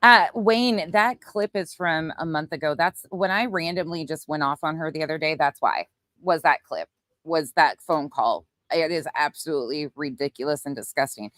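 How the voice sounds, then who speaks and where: A woman's voice: low voice, normal speed, fairly bright tone, no room sound. Blunt woman livestreaming outdoors. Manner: blunt, swears, greets chat names. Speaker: livestream host. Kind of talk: casual livestream chat with viewers. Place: outdoors at night, windy.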